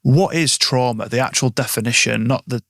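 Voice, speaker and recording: A man hosts a conversational podcast, his mid-pitched voice gravelly at the edges. He tells stories in a reflective, unhurried way, and the sound is close and dry with no room around it. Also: a bit bright, no echo. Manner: reflective, anecdotal, drawn-out phrasing. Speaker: podcast host. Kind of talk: conversational interview.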